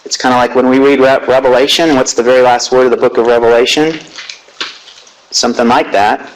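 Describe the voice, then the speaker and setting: A man giving a classroom lecture, animated, asking rhetorical questions and reading scripture aloud slowly. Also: mid-range voice, a little hiss or hum, low-quality recording.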